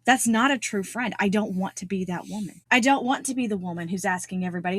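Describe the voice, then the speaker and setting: A woman's voice: mid-range voice, fast talker, few pauses, no room sound. A middle-aged woman hosting a solo self-improvement podcast, talking earnestly and repeating key phrases for emphasis. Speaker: podcast host.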